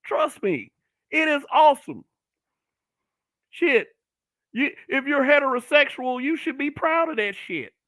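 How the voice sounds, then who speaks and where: Middle-aged guy ranting on his own show, cussing a lot, high bright voice, dry close sound. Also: big pitch swings, unhurried, pauses often, no echo. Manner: profane, blunt ranting with mocking put-on voices. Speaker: online talk show host. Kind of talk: brutally honest solo commentary broadcast.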